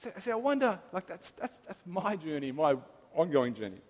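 A man's voice: a little high, big pitch swings, moderate pace, a little mellow. A man in his thirties, a pastor, giving a sermon in an earnest, personal, reflective way. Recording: long reverb of a large hall.

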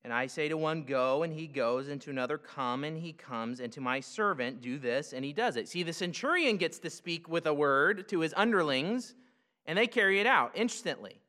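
A pastor works through a passage in a conversational sermon, breaking off for rhetorical asides. His voice is bright and sits a little high for a man. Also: animated, normal speed. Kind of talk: expository sermon.

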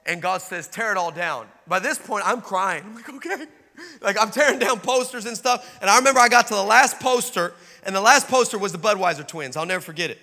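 A man with a high, bright voice preaches a sermon, acting out the dialogue of his story and rising into emphatic exhortation. His voice carries the long reverb of a large hall. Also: quick pace, few pauses.

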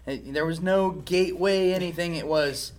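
Male interview guest, fairly high voice, candid and reflective personal testimony. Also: moderate pace, noisy background. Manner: reflective, frank storytelling.

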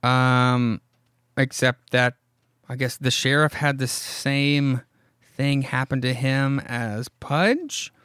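A man's voice: mid-range voice, slow, fairly bright tone, clear, resonant tone, no echo, studio quality. A man hosting a podcast, casually retelling a comic with fillers and asides. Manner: rambling, frequent fillers and asides. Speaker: podcast host.

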